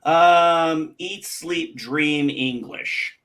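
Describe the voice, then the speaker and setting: A man's voice: a little high, extremely slow, fairly bright tone. A man from the United States in casual chat, curious and rambling, restarting his sentences often.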